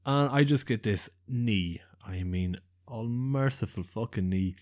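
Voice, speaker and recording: A man's voice: lowish voice, measured pace, a little mellow. A man, co-hosting a podcast in laid-back, jokey casual chat with swearing. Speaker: podcast co-host.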